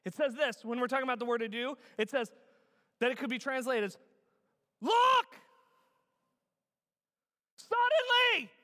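A man preaching a sermon, animated and shouting key words for emphasis. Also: extremely high pitch, fast. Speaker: pastor. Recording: echoey hall with long reverb.

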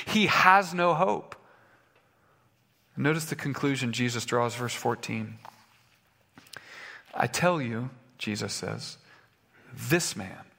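A man's voice: on the high side, bright, forceful tone, long reverb tail. A male pastor preaching a sermon in a conversational way, with fillers and restarts, in a church sanctuary.

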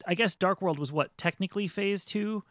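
A man co-hosting a casual podcast chat, joking and animated, his voice jumping up when excited. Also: high-pitched, moderate pace, no echo, clean studio sound. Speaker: podcast co-host.

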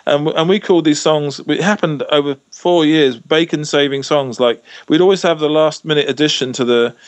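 The recording is dry, and the man's slightly high voice moves fairly quickly. An English musician guest on a casual video call, he chats his way through stories, with lots of restarts and repeated "you know."

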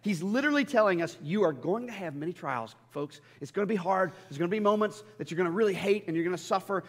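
A man preaching a sermon as a pastor, impassioned and stammering over restarts, swinging between loud and hushed. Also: high-pitched, fast talker, slightly rough. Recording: long hall reverb.

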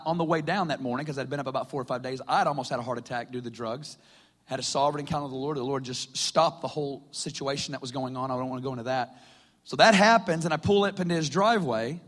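A man's voice: a little high, a bit bright, big-room sound. A man preaching, telling his testimony as a chatty story and laughing often along the way. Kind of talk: personal testimony sermon. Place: stage in a hall.

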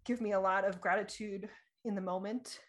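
A bubbly young woman chatting casually, laughing often and bursting into lively, excited voices when she retells moments. Her pitch sits in the middle range for a woman. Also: normal speed. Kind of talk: casual chat.

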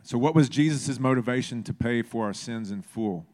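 A man's voice: medium pitch, normal speed, darkish tone. A man preaching a sermon in a conversational way, building to emphatic, repeated phrases. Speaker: pastor.

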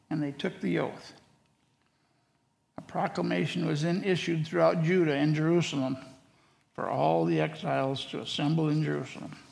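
A man teaching through a book of the Bible, reading scripture aloud in a slow, deliberate way. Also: a little high, gravelly. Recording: long hall reverb.

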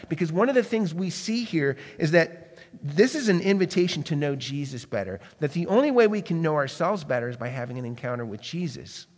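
A man's voice: a little high, big-room sound. A man preaching a sermon, asking the listeners questions and sometimes dropping his voice to a near-whisper. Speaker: pastor.

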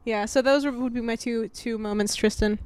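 A woman's voice: a little high, steady tone, a little fast, a loud crowd. A woman co-hosting a podcast, chatting casually with a playful, teasing manner. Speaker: podcast co-host. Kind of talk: casual chat.

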